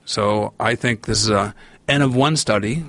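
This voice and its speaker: A middle-aged man, a podcast guest, telling a long story in a rambling, animated way and acting out the voices he quotes. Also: lowish voice, moderate pace, dry recording. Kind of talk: storytelling in a long-form interview.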